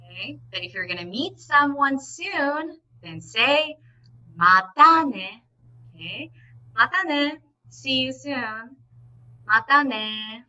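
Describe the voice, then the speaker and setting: A woman with a rather high, very bright voice teaches a live online language class. She drills each word slowly, then repeats it, checking in with an encouraging "okay" as she goes. She speaks through a computer mic on a video session. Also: expressive, low-quality recording. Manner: instructive and encouraging, often says "okay".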